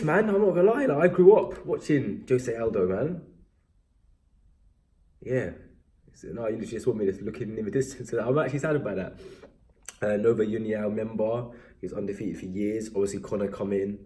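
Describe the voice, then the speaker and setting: A young English man recapping fight results in a rambling, self-deprecating casual chat. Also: medium pitch. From England. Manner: rambling, self-deprecating, animated when excited. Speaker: MMA vlogger.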